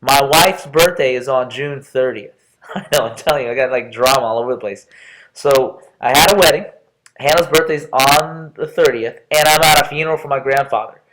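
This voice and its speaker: A man's voice: mid-range voice, brisk, a bit bright, low-quality recording. A young man introducing himself to a class with a casual, rambling personal story, full of restarts and asides.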